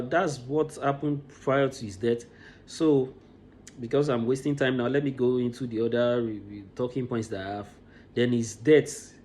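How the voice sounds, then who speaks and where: With a slight hiss or hum in the background, this Nigerian man speaks in a medium-pitched voice with a darkish tone. His commentary is emotional and impassioned, and he often circles back, repeating words whenever he restarts a sentence.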